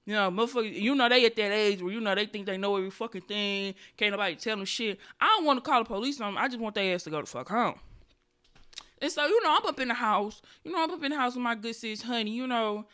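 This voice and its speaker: Animated, profane young woman storyteller. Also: fairly high pitch, quick pace. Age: 20s. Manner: profane, animated, loud bursts when excited. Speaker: podcast host. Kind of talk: casual comedic storytelling.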